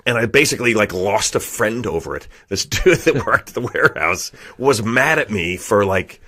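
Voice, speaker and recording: Lively low-voiced man telling a story. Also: normal speed, slight background noise. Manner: profane, animated storytelling with laughter. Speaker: guest comedian. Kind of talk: casual storytelling. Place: podcast studio.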